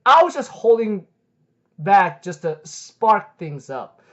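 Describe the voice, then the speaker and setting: A man retelling the lines of an arrogant, boastful male warrior in a slow, proud way. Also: sits high, very animated, fairly bright tone, full character voice. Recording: dull lo-fi recording.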